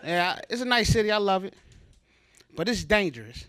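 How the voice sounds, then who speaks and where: High-voiced man from Baltimore doing stand-up. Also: very animated, normal speed, pushed and bright, clear, resonant tone, no room sound, clean studio sound. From Baltimore, USA. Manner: loose, conversational, self-mocking delivery. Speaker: stand-up comedian. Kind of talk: stand-up comedy set. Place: comedy show stage before a live audience.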